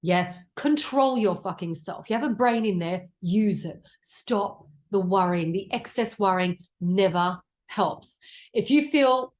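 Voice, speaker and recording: A woman's voice: medium pitch, animated, a little slow. An Australian woman in her forties giving a casual tarot reading, blunt and chatty, with plenty of swearing. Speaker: tarot reader.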